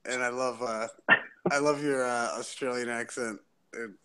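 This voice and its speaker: A man joining a casual livestream chat, rambling excitedly with many filler words. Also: medium pitch, a little slow, a little hiss or hum. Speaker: guest.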